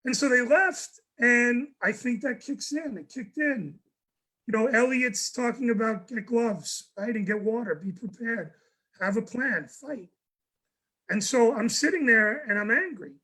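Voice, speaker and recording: A man, a guest on a panel, telling a personal story in an animated way, often restarting and repeating words. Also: extremely high pitch, unhurried, low-quality recording. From New York. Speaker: guest speaker.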